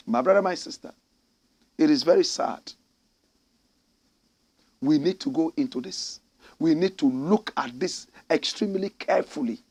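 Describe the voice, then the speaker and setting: A man's voice: on the high side, a little mellow. A Ghanaian man giving impassioned political commentary, indignant and full of rhetorical questions, calling listeners his brothers and sisters.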